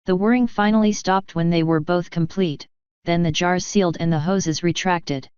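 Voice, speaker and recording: Woman with a smooth, low reading voice. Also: normal speed, a little mellow, no echo, highs cut off. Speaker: fanfiction reader. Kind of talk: reading fanfiction aloud.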